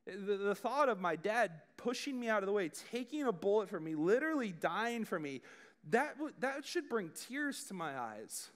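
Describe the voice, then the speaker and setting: A man's voice: sits high, big pitch swings, normal speed. A man preaching a youth sermon, talking conversationally and addressing the room directly. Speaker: youth pastor.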